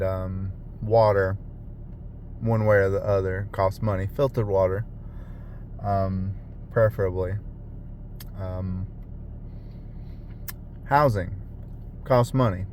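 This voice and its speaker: Young male driver, low voice, unhurried rambling vlog from the car. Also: a little hiss or hum. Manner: rambling, with many fillers and restarts. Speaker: rideshare driver. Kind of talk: casual vlog monologue. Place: parked car.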